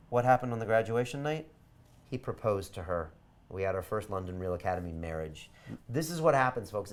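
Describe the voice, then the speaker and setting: A man hosting a live online course webinar, giving a punchy, persuasive sales pitch. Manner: energetic, emphatic, persuasive. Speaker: course host.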